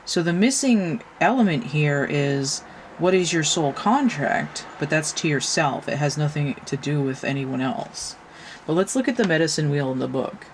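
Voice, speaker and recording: This tarot reader has a deep, animated voice and talks at a normal speed, with a slight hiss or hum in the recording. Her casual reading is blunt and somewhat profane, packed with one rhetorical question after another for her audience.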